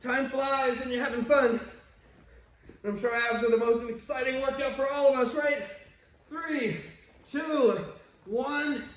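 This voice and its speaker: A man's voice: very high voice, steady tone, a little slow, long pauses. A man teaching an online martial arts class, upbeat and encouraging, with chatty asides, talking through a face mask. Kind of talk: online workout class instruction. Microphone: wears a face mask while talking. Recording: roomy echo, distant from mic.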